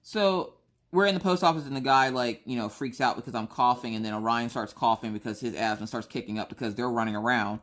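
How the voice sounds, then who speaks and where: A woman's voice: very deep voice, quick pace. A woman vlogger chatting casually as she tells a story, acting out the other people's lines as she goes. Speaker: crafting vlogger.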